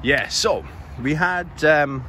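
A man's voice: fairly high pitch, animated, slow, sharp tone, slight background noise. A Welsh man telling a rambling, exasperated story as he walks his dog, swearing now and then. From Wales. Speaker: vlogger. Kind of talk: casual storytelling while walking. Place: outdoors on suburban streets. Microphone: handheld camera while walking.

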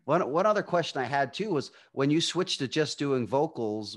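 Halting man asking interview questions. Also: mid-range voice.

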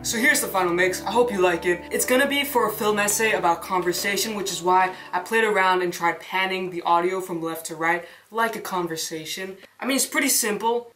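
A woman's voice: lowish voice, fairly bright tone. A young woman hosting a casual tutorial vlog, chatty with self-mocking asides. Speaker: filmmaker and channel host.

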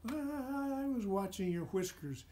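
A man's voice: very high-pitched, expressive, moderate pace, dark tone, pitched above the performer's own voice. A man voicing a giant male eagle who gives friendly advice, in a storybook reading. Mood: chuckling. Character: giant male eagle, chatty, kindly counselor.

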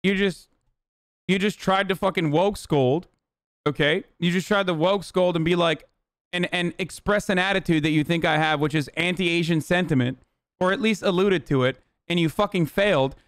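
A man's voice: high voice, moderate pace, fairly bright tone, no room sound. A man streaming live, reacting to chat and clips in a heated, profane rant. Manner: argues directly with chat.

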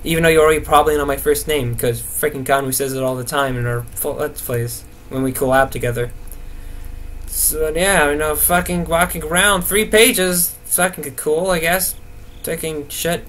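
A young man rambling nervously through horror game commentary, swearing and talking to himself to stay calm. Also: a little high, normal speed, a little hiss or hum. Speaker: gaming video host.

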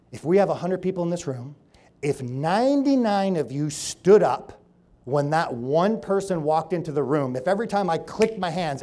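A man with a slightly raised pitch addresses a seminar audience as a chiropractor. He tells his stories with animated energy and acts out the characters. His volume climbs to emphatic peaks and drops to quiet, drawn-out points. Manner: animated storytelling, acting out quoted people, swinging between loud and hushed. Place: room with an audience.

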